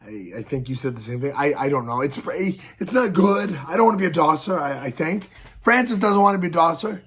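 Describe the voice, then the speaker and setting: Husky man ranting about fights. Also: a little high, expressive, brisk, a bit bright. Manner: rambling, repeats words, gets worked up. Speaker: fight commentary vlogger. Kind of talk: casual reaction commentary.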